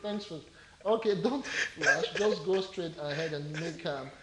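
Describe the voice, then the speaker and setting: A man's voice: on the high side, a little slow, roomy sound, heavy background noise. A man hosting a call-in talk show and politely prompting callers. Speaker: show host taking callers.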